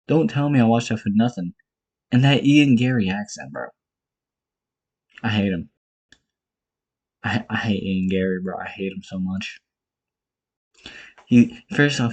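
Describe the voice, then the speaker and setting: A young man with a husky, dark-toned voice, sitting low in his range. He rants in a casual vlog, blunt and profane, repeating short exasperated bursts. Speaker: MMA commentator vlogger.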